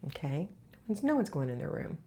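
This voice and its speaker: Soft music plays behind a middle-aged woman's low, mellow voice as she hosts a live Q&A for her home organizing channel. Very animated and a little fast, she reads comments from viewers and answers them with upbeat, chatty support.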